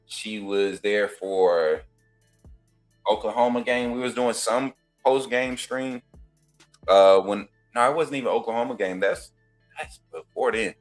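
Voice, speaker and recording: A man's voice: on the low side, unhurried, soft background music. A man hosting a casual sports talk show, rambling and restarting as he trash-talks teams. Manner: trash-talking, rambling with restarts, apologetic laughs. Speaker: host of a football call-in show.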